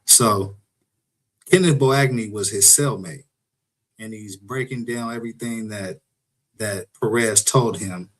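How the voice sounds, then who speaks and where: A man's voice: on the low side, measured pace, long pauses, poor audio. A man hosting a podcast, recapping casually and speaking straight to his viewers. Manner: relaxed, talks straight to the audience. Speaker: podcast host.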